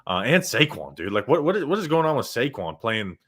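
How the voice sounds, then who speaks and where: A young man hosting a sports podcast in casual, rambling chat, excitable and full of "like". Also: mid-range voice, brisk. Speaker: podcast host.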